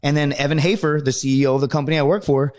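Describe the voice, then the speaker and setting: A man's voice: a little high, steady tone, very fast, darkish tone. A man guesting on a podcast, telling rambling, profane stories and tagging his lines with "right?". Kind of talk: casual storytelling.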